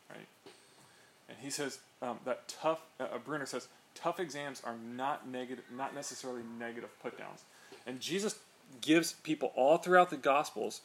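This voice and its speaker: A man's voice: medium pitch, fairly bright tone. A man giving an informal Bible study to a small group, chatty and full of "right?" asides. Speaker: Bible teacher. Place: room with a small group of listeners. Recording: echoey room with faint background noise.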